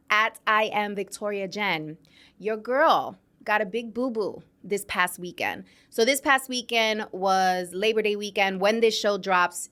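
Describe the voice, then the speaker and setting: Woman host, 30s, from New York City. Animated, conversational, laughs easily. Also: medium pitch. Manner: chatty and animated, laughs often, addresses listeners directly. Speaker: podcast host. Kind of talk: casual storytelling monologue. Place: studio.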